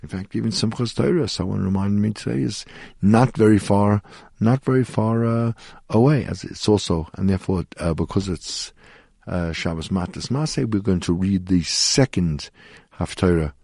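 A man's voice: lowish voice, moderate pace, vocal fry, a little mellow, breathy edge, no room sound, clean studio sound. A middle-aged man, a rabbi hosting a Torah talk radio show, telling stories sprinkled with Hebrew and Yiddish terms.

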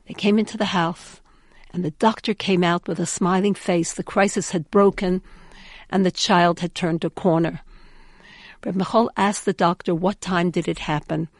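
A woman's voice: fairly low pitch, no echo. A woman giving an inspirational storytelling talk in an earnest, emphatic way, often repeating words for weight. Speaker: inspirational speaker.

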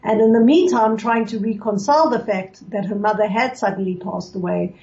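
A woman's voice: medium pitch, moderate pace, warm tone, lo-fi sound. A woman hosting a radio show, talking earnestly about mourning customs and telling a personal story, with many fillers and restarts. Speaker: radio host. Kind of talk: reflective radio talk on religious law.

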